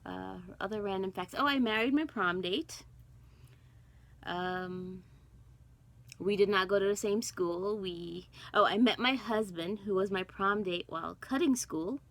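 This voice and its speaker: A woman's voice: mid-range voice, measured pace, low-quality recording. Chatty woman vlogger, rambling casually. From born in Guyana, raised in Brooklyn, New York. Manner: chatty, rambling with many ums and self-talk. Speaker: cross stitch vlogger. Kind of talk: casual chat to camera.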